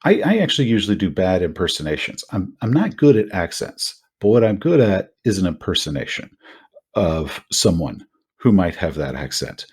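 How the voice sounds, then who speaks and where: A man with a deep, slightly husky voice co-hosts a casual podcast about tabletop horror games. His pitch swings widely as he talks, and he rambles through asides. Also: moderate pace. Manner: animated, rambling with many asides. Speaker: podcast co-host.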